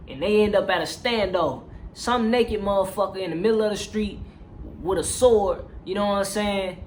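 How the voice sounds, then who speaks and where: Animated, profane movie reviewer. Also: medium pitch, a little hiss or hum. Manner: animated and profane, heavy slang, constant "you feel me" check-ins. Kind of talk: casual movie recap.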